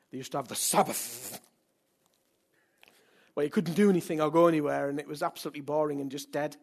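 A middle-aged man preaching a sermon to a congregation in a church, in a lively manner, rising to loud calls and prayers. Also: fairly high pitch. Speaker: pastor.

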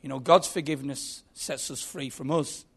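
A man's voice: medium pitch, fairly even intonation, normal speed, gravelly, breathy edge. A man preaching a sermon, earnest and emphatic, telling a story.

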